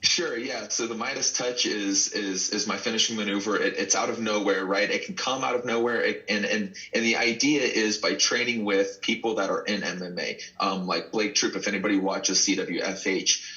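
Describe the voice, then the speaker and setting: A man from Dallas, Texas, a pro wrestler, telling stories in an earnest, animated way with many restarts in a casual interview. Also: lowish voice, normal speed, few pauses, dull audio.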